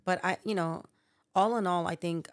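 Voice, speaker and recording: A low-pitched woman in her sixties who talks in loose, rambling runs, packing in "you know" and restarting her sentences. The sound is dry and close, with no room around her. She is a mother chatting casually about her family on a remote podcast setup. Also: steady tone, normal speed, no room sound. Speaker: guest, mother of the hosts.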